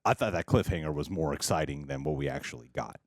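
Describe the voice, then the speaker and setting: A man's voice: very deep voice, fast, dry recording, clean studio sound. A man co-hosting a TV reaction show, chatting casually and joking as he acts out lines. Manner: animated and joking, acting out lines. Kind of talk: casual review chat.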